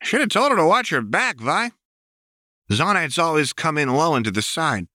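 A man voicing a manic young woman gunner who taunts in a high, sing-song way. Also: very animated, moderate pace, bright, forceful tone, no room sound, clean studio sound, full character voice. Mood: taunting.

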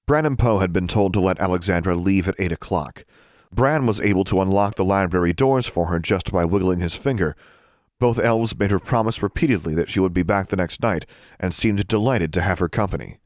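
A man narrating a children's fantasy book aloud, expressive and switching into character voices. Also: sits low, normal speed, dry recording, studio quality. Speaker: audiobook narrator. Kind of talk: storybook narration.

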